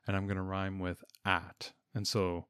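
Deep-voiced man, rambling casual chat. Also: completely flat delivery, unhurried, fairly bright tone, clean tone, dry recording, clean studio sound. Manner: rambling, with frequent restarts and repeated words. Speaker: homeschooling parent reviewing a reading curriculum.

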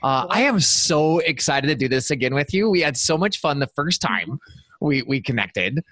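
A man's voice: fairly high pitch, expressive, moderate pace, fairly bright tone, no room sound. A man speaking as a guest on a podcast, enthusiastic and jokey in casual interview talk. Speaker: podcast guest, performance strategist.

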